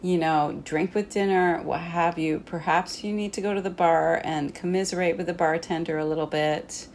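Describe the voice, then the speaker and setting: A woman's voice: fairly low pitch, fairly even intonation, normal speed, a little mellow, slight background noise. A woman hosting a casual chat, talking in a chatty way with many fillers. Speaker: host and English tutor.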